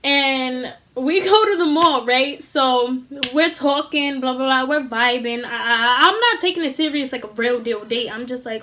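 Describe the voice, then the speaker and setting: A young woman tells a casual storytime in a high voice, animated and full of slang and swearing. She acts out what everyone said as she goes. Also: normal speed, hardly any pauses, slight background noise. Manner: acts out dialogue in quoted voices. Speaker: vlogger.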